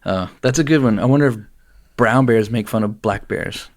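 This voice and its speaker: A man hosting a podcast in a studio, chatting casually and laughing often. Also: medium pitch. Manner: laid-back, laughs often, quick agreeing interjections. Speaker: podcast host. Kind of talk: casual chat.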